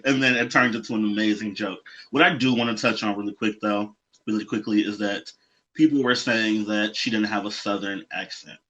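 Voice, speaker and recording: Brisk and fairly bright in tone, his fairly low voice keeps a fairly even intonation as he co-hosts a drag show in casual conversation. He's emphatic, occasionally lecturing with small history lessons, and laughs along. The recording sounds dull and lo-fi.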